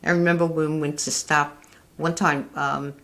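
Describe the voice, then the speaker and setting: A woman's voice: deep voice, little pitch movement, moderate pace. An older woman, chatting casually as a mother telling family stories, often laughing. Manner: warm, chatty storyteller who laughs often. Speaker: mother being interviewed.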